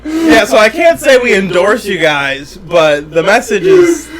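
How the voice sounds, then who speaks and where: A man's voice: high-pitched, sing-song, unhurried, a crowd in the background. A man co-hosting a comedy podcast, rambling and restarting in casual chat. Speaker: podcast co-host.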